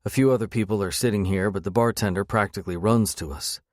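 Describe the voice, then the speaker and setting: A man's voice: fairly low pitch, quick pace, dry recording, studio quality. A man narrating a first-person romance audiobook with a wry, sardonic edge. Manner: wry, sardonic inner monologue.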